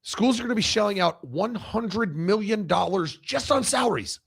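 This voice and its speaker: A man talks sports in a casual podcast chat, blunt and profane. His voice is high for a man, gravelly and husky, and it swings up and down as he argues his points. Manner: blunt, profane and animated, with quick restarts.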